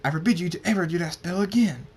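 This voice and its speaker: A man's voice: medium pitch, normal speed, close to an everyday voice. A man doing a scolding, stammering pony doctor. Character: bossy male pony doctor, scolding then meek.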